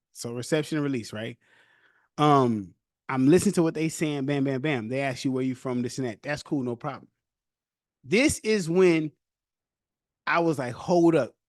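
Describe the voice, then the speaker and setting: A young man hosting a podcast, telling his own story casually with loose street slang and animated retellings. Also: a little high, no room sound, studio quality.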